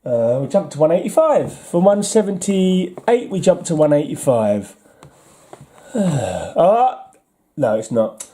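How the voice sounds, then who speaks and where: A man's voice: fairly high pitch, very animated, slow, warm tone. An English man in casual vlog talk, wryly chuckling and mocking himself as he sorts through his comics. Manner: wry, chuckling, self-mocking. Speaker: comic collector vlogger.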